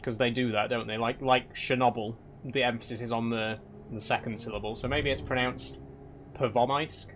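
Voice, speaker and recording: A young man answers his live chat in a dry, rambling way, and often feigns exasperation. His voice sits at an everyday middle pitch. Faint game engine noise hums behind him. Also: little pitch movement, a little fast, fairly bright tone. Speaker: streamer reading live chat. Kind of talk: casual live-stream chat while driving a truck game.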